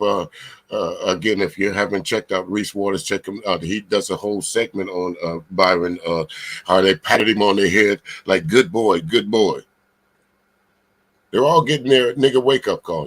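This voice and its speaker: A man hosting casual commentary, rambling and searching for words in a husky voice. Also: on the low side, a bit bright. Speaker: host.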